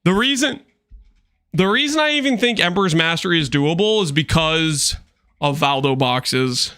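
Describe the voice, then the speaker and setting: A man streaming a game, chatting with viewers in an animated, teasing way with quick asides. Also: on the high side, clean tone. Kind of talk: livestream chat with viewers.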